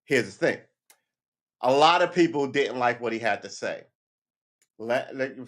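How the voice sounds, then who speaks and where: A man's voice: mid-range voice, lively intonation, unhurried, pauses often, a bit bright. Heated, swearing man ranting on a livestream. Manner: heated and emphatic, often swearing; keeps asking "right?" and laughs between points. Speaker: livestream host. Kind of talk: casual livestream rant.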